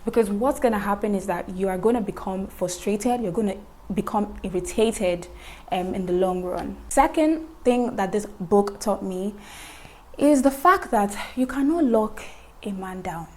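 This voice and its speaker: Brief: young woman vlogger, chatty and emphatic, mid-pitched voice, faint hiss behind. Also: expressive, unhurried. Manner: chatty, repeats words for emphasis, laughs at own jokes. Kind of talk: casual chat to camera.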